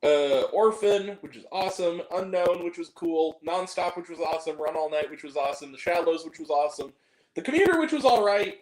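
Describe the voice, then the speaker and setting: A man hosting a casual movie review show, talking in an animated, joking way with mock-angry rants. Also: fairly high pitch, fairly quick, roomy sound, low-quality recording.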